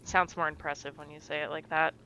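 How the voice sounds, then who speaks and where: A young woman co-hosting a casual podcast, chatty and animated. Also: sits low, fairly quick, clean tone, muffled recording. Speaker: podcast co-host. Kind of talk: casual chat.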